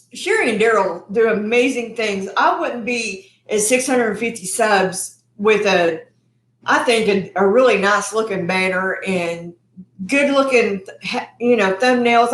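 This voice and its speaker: Chatty woman in an echoey room. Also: fairly high pitch. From Texas. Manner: chatty, rambling, eating while talking. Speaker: cooking channel host. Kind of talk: casual livestream chat.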